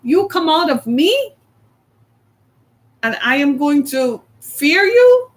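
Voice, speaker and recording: A woman's voice: high voice, big pitch swings, slow. A middle-aged woman giving a motivational talk to an audience, emphatic, often repeating one key word and acting out quoted lines. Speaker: speaker.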